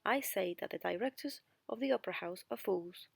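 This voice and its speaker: A woman's voice: medium pitch, brisk, vocal fry, slightly rough, no echo. A woman voicing a fearless, mocking old female doorkeeper in a storybook reading. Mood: knowing. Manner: mocking, knowing.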